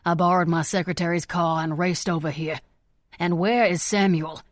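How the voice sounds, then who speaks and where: A woman's voice: fairly low pitch, steady tone, moderate pace, dry recording, natural voice. Woman voicing a commanding senator father. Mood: urgent. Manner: firm, urgent, persuasive.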